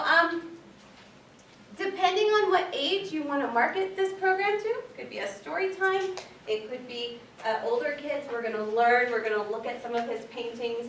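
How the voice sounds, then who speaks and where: A bright, fairly high-voiced woman librarian chats through a workshop talk, animated and full of "um"s and "like"s. She sounds set back from the mic in an echoey library meeting room with a faint hiss of noise behind her. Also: recorded from a distance. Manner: chatty, animated, lots of fillers like "um" and "like". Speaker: children's librarian presenting at a workshop. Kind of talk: casual workshop presentation.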